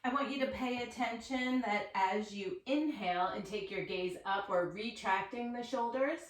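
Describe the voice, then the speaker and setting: A woman teaching a yoga class, calmly and slowly cueing poses and breaths. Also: fairly high pitch, distant mic. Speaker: yoga instructor. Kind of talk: guided yoga class instruction. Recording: echoey room, voice set back from the mic.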